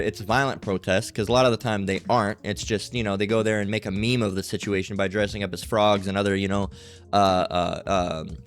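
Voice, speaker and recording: A man giving a rambling religious commentary monologue in a mocking tone, often checking in with "all right?". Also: mid-range voice.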